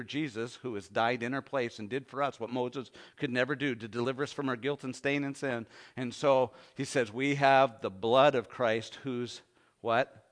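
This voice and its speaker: A man preaching a sermon, swinging from hushed low lines to loud ones and asking the congregation questions. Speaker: pastor.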